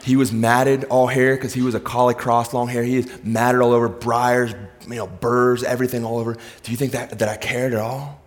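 A man preaching a sermon, telling stories that sink to a hushed low voice and then rise into emphatic, raised delivery. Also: flat delivery, brisk, few pauses. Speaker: pastor. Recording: hall reverb.

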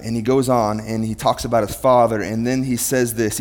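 A man's voice: medium pitch, flat delivery, a little fast, hardly any pauses. A man preaching a sermon in a church, firing rhetorical questions at the congregation as his intensity rises and falls. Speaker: pastor. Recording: long hall reverb.

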